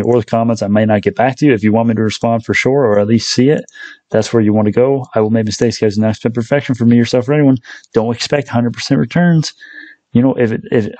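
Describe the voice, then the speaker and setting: A man's voice: fairly low pitch, a little mellow, dry recording. A man hosting a stock market channel, talking casually and rambling a little, correcting himself and addressing viewers as guys. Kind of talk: casual unscripted commentary to viewers.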